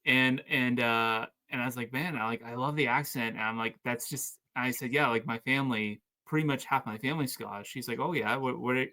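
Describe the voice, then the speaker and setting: A man from Canada, hosting a casual podcast and telling stories with lively, stumbling restarts. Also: mid-range voice, brisk, few pauses. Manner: storytelling, animated, stumbling restarts. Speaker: podcast host.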